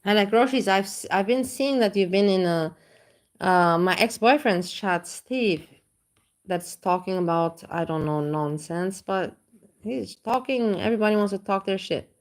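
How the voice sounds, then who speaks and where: A woman's voice: medium pitch, normal speed. A woman hosting a casual livestream, chatting bluntly and crudely and greeting viewers by name. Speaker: livestream host reacting to videos.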